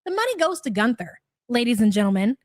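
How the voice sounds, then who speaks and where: A woman's voice: on the high side, big pitch swings, fast talker, dry recording, studio quality. A young woman hosting a live reaction stream, blunt, sarcastic and profane as she comments and greets viewers. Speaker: streamer host.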